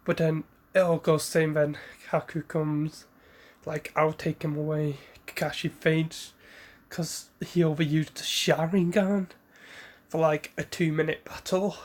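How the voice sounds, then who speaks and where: A man's voice: fairly high pitch, level tone, unhurried. A man casually retelling a fan story in a rambling, self-correcting way.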